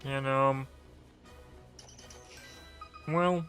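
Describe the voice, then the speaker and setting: A man voicing Kermit the Frog, a gentle male puppet frog, humming and halting before he speaks. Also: medium pitch, steady tone, soft background music. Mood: wistful.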